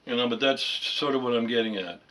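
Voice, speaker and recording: A man's voice: mid-range voice, brisk, a bit bright. A man delivering a profane, sarcastic rant as a vlogger, mocking as he goes. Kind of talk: ranting monologue to camera.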